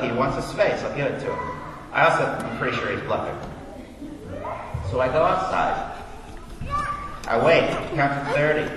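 Pastor telling a story in echoey hall. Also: male voice, mid-range voice. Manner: conversational, storytelling, quotes dialogue. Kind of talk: personal story as sermon introduction. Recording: echoey hall, distant mic, background noise.

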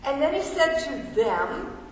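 A woman's voice: high voice, very animated, a little slow, slight background noise. A woman preaching a sermon in a conversational, questioning way, reading scripture aloud and asking the listeners questions. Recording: echoey hall, mic far off.

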